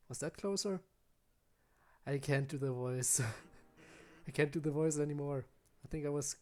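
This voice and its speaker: A man's voice: on the high side, moderate pace, vocal fry, darkish tone. A man streaming a video game, chatting casually about what he is doing and joking about his own attempts at character voices. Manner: chatty and self-deprecating. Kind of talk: casual gameplay commentary.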